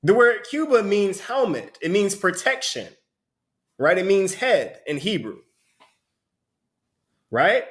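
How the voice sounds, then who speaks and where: A man teaching a Bible study, explaining the text in an animated way and often asking "right?". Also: high-pitched, takes it slowly, pauses often. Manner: animated, asks rhetorical questions, repeats "right?". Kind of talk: sermon-style teaching with a reader.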